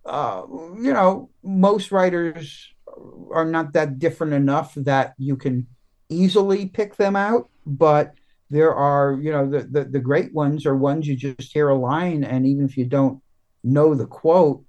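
A man, a guest comics writer, talking in a casual podcast interview, halting and full of restarts and fillers. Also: fairly high pitch, a little mellow.

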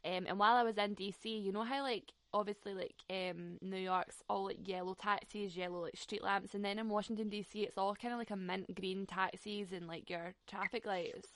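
A woman's voice: mid-range voice, steady tone, normal speed, few pauses, fairly bright tone, dry recording. Young woman, Glaswegian Scottish accent, dry close sound, chatty, laughs often. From Scotland. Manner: giggly, chatty. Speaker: host, interviewer. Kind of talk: casual chat.

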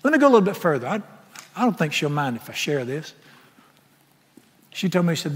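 A middle-aged pastor, preaching a folksy, impassioned sermon that swings from loud to soft. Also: male voice, a little high, big pitch swings, brisk, pauses often, husky. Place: large church sanctuary. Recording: echoey sanctuary with long reverb.

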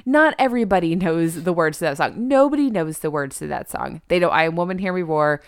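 A woman co-hosting a casual podcast chat, recapping a TV show and quoting characters in bright, exaggerated voices. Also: on the low side, lively intonation, fairly quick, clean tone, no room sound, studio quality. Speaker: podcast co-host.

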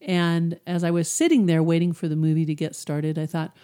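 A middle-aged woman hosting a podcast, explaining mind techniques in a relaxed, conversational way and briefly acting out people's inner voices. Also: fairly low pitch, a little fast, clean tone. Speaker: podcast host, hypnosis coach. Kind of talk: casual teaching monologue.

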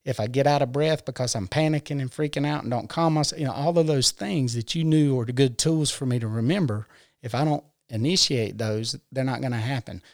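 A man's voice: mid-range voice, fairly quick, no room sound, clean studio sound. Earnest man explaining step by step. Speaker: podcast guest. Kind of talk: casual conversation about personal growth.

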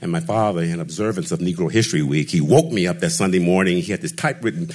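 A man telling a personal story in an expressive, rhythmic way, with deliberate pauses. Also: sits low. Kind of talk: storytelling performance.

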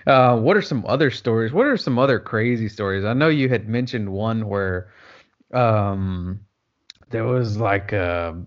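A man's voice: lowish voice, unhurried. A man in casual podcast chat, joking and laid-back as he asks for stories. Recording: dull lo-fi audio.

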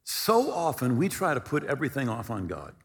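A man's voice: medium pitch, wildly swooping pitch, fairly quick. A man preaching a sermon, retelling scripture and stories with acted-out quotes. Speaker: pastor. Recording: long hall reverb.

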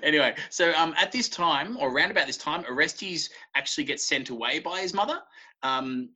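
Bright-voiced man retelling myths. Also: a little high, fairly quick, slightly rough, poor audio. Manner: laid-back, swearing, slangy retelling. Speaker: podcast co-host. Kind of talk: casual storytelling chat.

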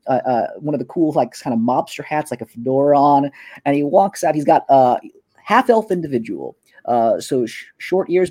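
A man's voice: medium pitch, dark tone, husky. A young man narrating a tabletop game as game master, loose and rambling with many fillers.

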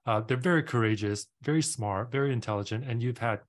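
A man's voice: mid-range voice, fast talker. A man hosting a casual podcast interview, explaining at length with many fillers and restarts. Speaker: podcast host.

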